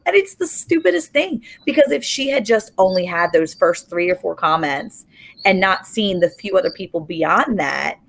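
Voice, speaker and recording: Animated woman joining a livestream by video call. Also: mid-range voice, moderate pace, gravelly. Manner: animated, storytelling, exclamatory. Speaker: livestream guest. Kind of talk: casual chat.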